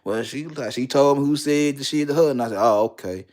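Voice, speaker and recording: A man's voice: mid-range voice, a little fast, a little mellow. A young man, telling a candid personal story bluntly and with lots of profanity, repeating lines for emphasis.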